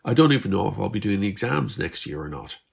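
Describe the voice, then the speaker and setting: A weary but hopeful Irish teenage girl who talks fast and earnestly and sounds a bit exasperated, as a man voices her. Her voice is only lightly raised and keeps a gravelly, husky edge. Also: lowish voice, sing-song, exaggerated voice. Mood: explaining. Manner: chatty, earnest, slightly exasperated.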